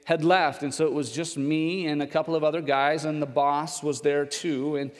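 A male pastor tells a story from the pulpit with an animated delivery and puts on loud, raised voices for other characters. His voice sits a little high for a man. A long hall reverb trails after his words. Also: normal speed. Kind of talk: sermon with personal story.

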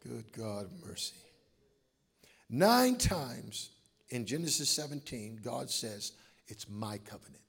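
A man preaching a sermon as pastor, calling on the congregation to answer back and swinging between shouts and hushed asides. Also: medium pitch, sing-song, slow pace, creaky, husky. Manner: preaching with call-and-response to the congregation.

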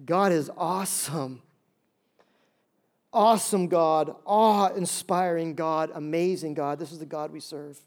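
A male pastor preaching a lively sermon, acting out little voices and jokes to make his points. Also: a little high, unhurried. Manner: animated, acts out voices and jokes.

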